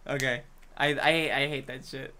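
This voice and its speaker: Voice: medium pitch, little pitch movement, normal speed, bright, forceful tone. A podcast co-host in casual chat, playful and teasing, often giggling.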